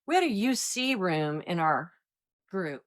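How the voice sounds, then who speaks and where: A woman in her fifties from Iowa, a retired agent telling stories in a relaxed interview and acting out the voices of others. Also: lowish voice, a little slow. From Iowa, United States. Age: 50s. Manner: animated, acts out quoted voices. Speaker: retired DEA agent, guest. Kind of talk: casual interview storytelling.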